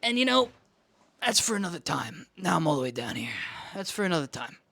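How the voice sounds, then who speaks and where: A young man rambling to camera in his home office, self-mocking, jumping between loud lines and mumbled asides. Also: high voice, sing-song, fairly quick, vocal fry, husky, dry recording. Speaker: vlogger. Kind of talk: rambling casual vlog talk to camera. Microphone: camera he holds and turns.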